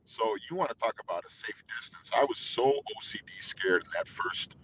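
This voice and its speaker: A man, a singer being interviewed, talking intensely and fast with many restarts in casual storytelling. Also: medium pitch, animated, a bit bright, slight background noise, poor audio. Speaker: guest singer.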